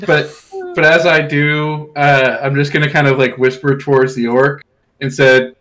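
A man's voice: mid-range voice, level tone, pushed and bright, poor audio. A man playing a tabletop game, describing his character's actions loosely with fillers. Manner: loose, halting, filler-heavy. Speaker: player.

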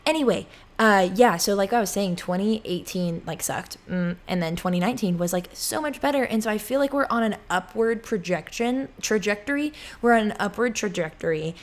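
A young woman in her twenties hosts a casual solo podcast from her apartment room, rambling and chatty, often cutting herself off and saying "like" a lot. Her mid-range voice moves fairly quickly with hardly any pauses.

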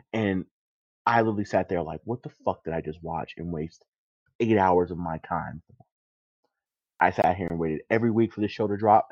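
A man in casual podcast chat, talking in an animated, profane way and laughing often. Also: on the low side, no echo. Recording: dry, dull lo-fi mic.

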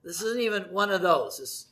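A man's voice: high-pitched, bright, forceful tone. A middle-aged man, a pastor, giving church announcements and a sermon in a chatty, jokey way, laughing often. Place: church sanctuary.

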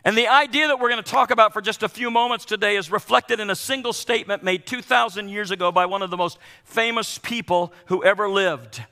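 An older man, a pastor and grandfather, preaching a sermon in an animated way, acting out voices of children and others. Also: sits high, brisk, few pauses, in a large hall.

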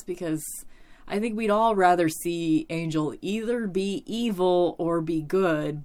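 A woman with a low voice gives a casual, opinionated episode recap. Her talk is full of fillers, with the odd curse and laugh mixed in. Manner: opinionated, animated, swears and laughs, many fillers. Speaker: TV episode reviewer.

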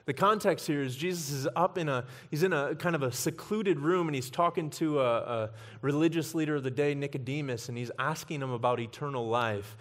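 An earnest man delivers a sermon from the pulpit, his voice sitting a little higher than most men's. He leans into key points, rising in pitch and force as he stresses them. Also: fairly quick, few pauses. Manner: earnest, builds in emphasis and volume on key points. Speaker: pastor.

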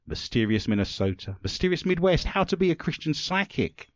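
A man's voice: a little high, sing-song, brisk, dry recording, dull audio. A man hosting a comedic podcast, playful and joking. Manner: playful, jokey, puts on silly accents. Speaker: podcast host.

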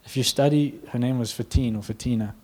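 A man preaching a sermon in a mid-pitched voice. He tells the story with animated energy and acts out the quotes. He laughs now and then. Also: brisk, slightly rough.

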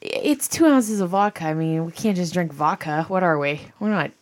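Woman in her thirties, podcast co-host, chatty, lower voice. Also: moderate pace. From northern Ohio, US. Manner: chatty, laughs often. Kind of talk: casual chat.

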